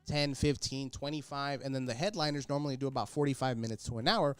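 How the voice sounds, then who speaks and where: A man telling a comedy story in casual podcast chat, animated, acting out the people in it and dropping in Spanish slang. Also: medium pitch, fast talker, smooth, no room sound, faint music behind. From Texas Rio Grande Valley. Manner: animated, acts out voices in his stories, mixes in Spanish slang. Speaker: comedian guest.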